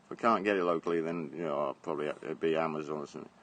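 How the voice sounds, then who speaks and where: With a bass voice that's fairly bright in tone, a middle-aged man from England talks very fast on a casual live stream outdoors in his garden. He holds his phone at arm's length, speaks bluntly, laughs often and swears.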